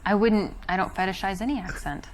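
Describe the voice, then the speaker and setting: A woman's voice: medium pitch, fairly quick, a little hiss or hum, lightly acted. An actress playing an unimpressed young woman, giving curt, dry replies in a video game. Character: young American woman in a coffee shop, unimpressed.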